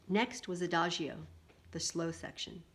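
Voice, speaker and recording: A woman reading a picture book aloud in an animated way, adding little asides to her listeners. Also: lowish voice, takes it slowly.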